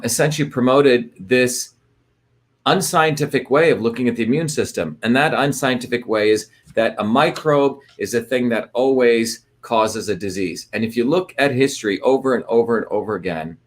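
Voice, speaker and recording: Man hosting a livestream, rambling, lots of fillers, mid-pitched voice. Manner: rambling, greets viewers by place, frequent fillers and restarts. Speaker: livestream host. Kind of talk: casual livestream talk.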